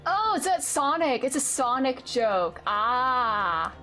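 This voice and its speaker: A young woman streaming a game, chatting casually in an excitable way, with swearing and frequent laughter. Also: high-pitched, takes it slowly, faint music behind.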